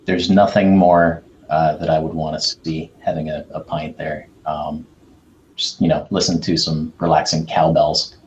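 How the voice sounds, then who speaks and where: A man on a podcast panel, talking in a hesitant, halting way. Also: a bass voice, little pitch movement, a little mellow. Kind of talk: casual chat. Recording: dull lo-fi mic with faint noise.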